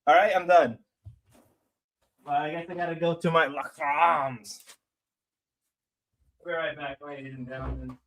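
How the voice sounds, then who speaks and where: A young man streaming casual commentary, rambling and swearing, repeating himself and swinging between mumbling and loud outbursts. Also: on the high side, steady tone, a little slow, long pauses.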